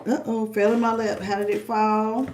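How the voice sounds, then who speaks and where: A woman's voice: mid-range voice, flat delivery, moderate pace, background noise. A woman giving a live tarot reading, blunt and sassy, greeting viewers as baby and sweetie. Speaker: tarot reader.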